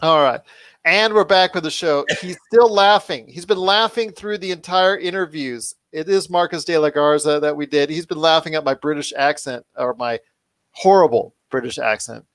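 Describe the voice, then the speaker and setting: A man's voice: on the high side, moderate pace, a bit bright, no room sound. A man hosting a pop culture podcast, talking enthusiastically and rambling with restarts. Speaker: podcast host. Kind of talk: casual podcast chat.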